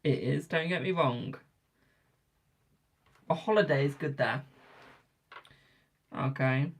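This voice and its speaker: A young British adult who reads tarot chats casually with live viewers at a slow pace and medium pitch, rambling and repeating phrases for emphasis.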